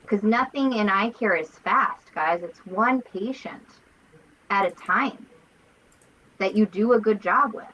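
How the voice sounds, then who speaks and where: A woman co-hosting a casual book discussion, talking in an animated, emphatic way. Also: mid-range voice, takes it slowly, lo-fi sound, a little hiss or hum. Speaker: podcast co-host.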